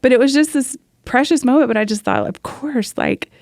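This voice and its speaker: A woman's voice: high voice, fairly quick, a little mellow, dry recording, clean studio sound. A woman worship leader telling stories earnestly in a casual podcast conversation, laughing often.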